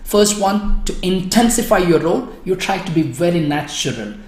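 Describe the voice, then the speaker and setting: A woman's voice: on the low side, lively intonation, normal speed, a little mellow, roomy sound. A woman teaching an exam speaking class, explaining step by step and addressing her students by name. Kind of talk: online class lecture.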